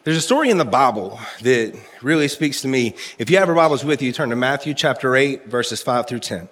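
A man's voice: mid-range voice, expressive, a little fast, fairly bright tone. A man preaching a sermon to his church, telling stories with humor and talking straight to the congregation. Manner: folksy storytelling with humor; conversational, addresses congregation directly. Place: church service.

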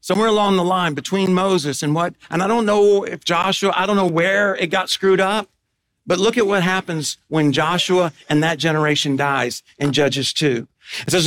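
A middle-aged male pastor delivering a sermon in a notably high voice. He preaches with animation, swinging from loud emphatic bursts to hushed, low asides.

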